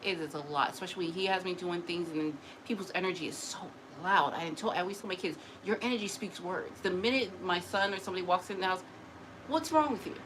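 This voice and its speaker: A woman talking casually to camera about her spiritual gifts. She is chatty and animated, often laughs, and acts out other people's voices, and she says she is tired. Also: on the low side, quick pace, hardly any pauses, background noise. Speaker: spiritual messenger.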